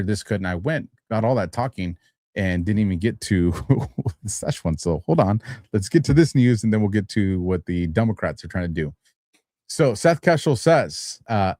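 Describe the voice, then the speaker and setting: A rather low-voiced man hosts a livestream from his studio, tired yet talking on at length. He chuckles often between loose, rambling phrases and turns loud and heated when he pushes a point. The sound is close and dry. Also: animated, moderate pace, no echo. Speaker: host of a live-streamed talk show. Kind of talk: casual live-stream commentary.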